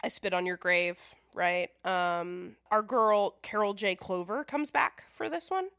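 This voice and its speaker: A woman's voice: medium pitch, a little slow, fairly bright tone, no room sound. A woman co-hosting a casual film podcast, explaining things at length with many "like" and "you know" fillers. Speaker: podcast co-host.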